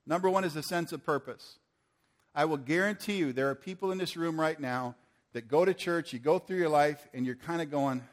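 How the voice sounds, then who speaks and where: A man's voice: on the high side, moderate pace. An older man preaching a sermon to a church audience, earnest and asking the room questions.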